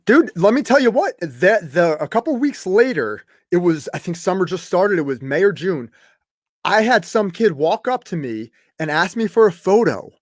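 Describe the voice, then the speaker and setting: An excitable man in a casual podcast conversation, swearing casually and calling people dude and bro. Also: sits high, normal speed, no room sound, clean studio sound. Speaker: podcast host, former arcade manager.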